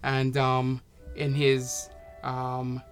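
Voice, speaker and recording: A man narrating as game master in a tabletop game, talking haltingly with many fillers. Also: medium pitch, monotone, faint music behind.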